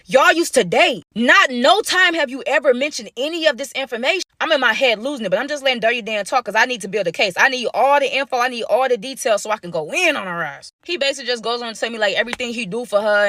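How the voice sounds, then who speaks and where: A young woman telling a storytime monologue in slangy, animated speech, full of dramatic repeats. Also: a little high, dry recording, clean studio sound.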